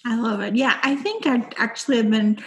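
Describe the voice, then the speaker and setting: A woman's voice: a little high, a little fast. A woman hosting a book podcast, chatting casually and acting out quoted reactions. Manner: animated, acts out quoted reactions. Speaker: podcast host. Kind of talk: casual chat.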